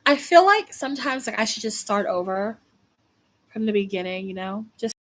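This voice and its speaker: A woman's voice: medium pitch, animated, moderate pace. A young woman chatting casually to her livestream viewers, blunt and swearing freely, often restarting her sentences. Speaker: livestream host.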